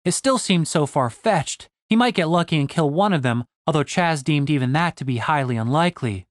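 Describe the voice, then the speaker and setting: A man reading a fantasy novel aloud in a steady storytelling voice. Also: a little high, a little fast, dry recording. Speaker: audiobook narrator. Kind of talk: scripted fantasy narration.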